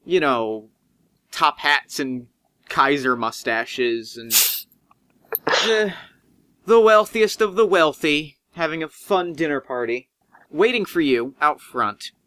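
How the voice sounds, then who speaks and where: Bright-voiced male game master. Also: dry recording. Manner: animated, swings pitch when describing. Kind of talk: narrating a tabletop game.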